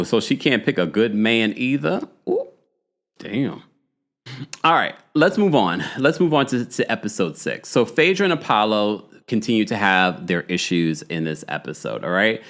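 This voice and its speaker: A man hosting a live reality TV recap stream, chatting casually and reading out viewer comments. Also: on the low side. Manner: chatty and animated, with frequent fillers and asides to viewers. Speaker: host of a reality TV recap livestream.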